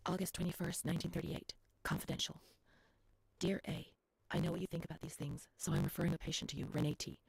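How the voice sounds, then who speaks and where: A woman voicing a haunted game narrator who reads old asylum records in a hushed voice that often drops to a whisper. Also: lowish voice, steady tone, fast talker, creaky, breathy edge. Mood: hushed uneasy. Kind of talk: scripted narration. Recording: game audio with noisy ambience.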